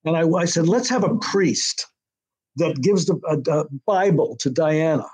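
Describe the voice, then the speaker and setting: An older American man recalls events in a casual interview, his voice sitting a little high for a man. He rambles, restarting his sentences and filling pauses with "uh" and "um". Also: animated, darkish tone, husky. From United States. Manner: rambling with many restarts and fillers. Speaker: TV writer-director being interviewed.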